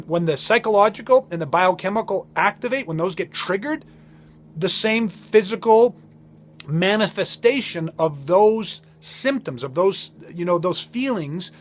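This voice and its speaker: A man's voice: sits high, expressive, moderate pace, a little hiss or hum. A man hosting a podcast, talking in an earnest, emphatic way, often repeating words as he explains. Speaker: podcast host. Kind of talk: motivational podcast talk.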